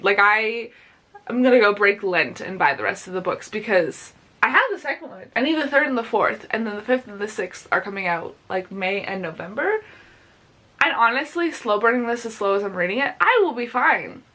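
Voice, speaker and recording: A woman's voice: mid-range voice, fairly bright tone. A young woman talking casually in a home reading vlog, gushing about a book and swearing freely. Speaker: book vlogger. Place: home bedroom.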